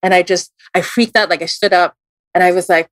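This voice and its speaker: A woman with a fairly low voice tells a story in a loose, chatty way, with plenty of "like" fillers. She reads tarot, and the recording is close and dry with no room sound. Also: fairly quick, no room sound. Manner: animated, frequent "like" fillers. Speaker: tarot reader telling a story. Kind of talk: casual storytelling.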